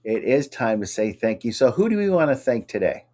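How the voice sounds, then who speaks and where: A man's voice: medium pitch, sing-song, a little fast, a little mellow. A man co-hosting a casual chat show, upbeat and chatty, reading out viewer comments. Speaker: co-host.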